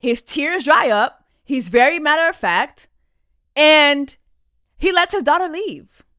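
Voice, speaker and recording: A woman's voice: sits high, animated, slow pace, bright, forceful tone, dry recording, clean studio sound, faint music behind. A woman podcast host giving blunt, indignant reaction commentary on a reality show clip in a casual, conversational way.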